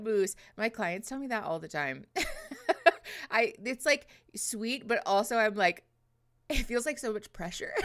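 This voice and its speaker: A woman's voice: medium pitch, a bit bright. A woman hosting a livestream, chatting casually with viewers, giggling often, swearing freely and using lots of fillers, close to a desk microphone. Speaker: livestream host.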